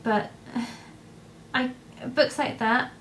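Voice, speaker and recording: A woman's voice: a little high, fairly even intonation, extremely slow, a bit bright, slight background noise. Rambling woman chatting to camera. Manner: rambling, hesitant, many ums and restarts. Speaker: vlogger answering viewer questions. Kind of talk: casual chat to camera.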